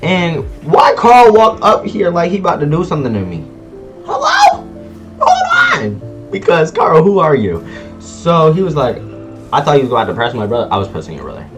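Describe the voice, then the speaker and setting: A teenage boy telling a school drama story in a casual vlog, animated and slangy, acting out quoted lines. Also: on the high side, fast talker, over music. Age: teens. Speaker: vlogger.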